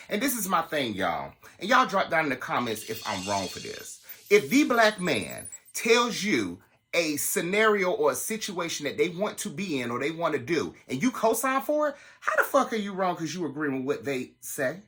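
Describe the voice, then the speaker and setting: A man telling a personal story to his viewers in a casual, animated and profane way. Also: fairly high pitch, moderate pace. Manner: animated, profane, dramatic retelling.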